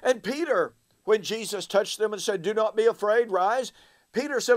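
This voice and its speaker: A man's voice: high voice, animated, moderate pace. A man giving a recorded Bible teaching, emphatic and fond of rhetorical questions aimed at his listeners.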